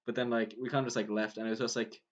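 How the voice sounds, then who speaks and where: A young man with an Irish accent tells a long story on a casual podcast. He wanders through it, piling on "like"s and laughing mid-sentence, in an even, mid-range voice. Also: mid-range voice, very fast, lo-fi sound. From Ireland. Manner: rambling storyteller, many "like"s, laughs while talking. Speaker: podcast co-host. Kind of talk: casual chat.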